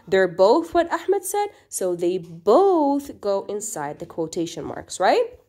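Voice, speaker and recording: Speaking slowly in a mellow, sing-song, mid-range voice, a woman teaches grammar in a recorded lesson. She explains patiently, checks in with her class often, and gives quoted sentences an acted-out, lifted delivery.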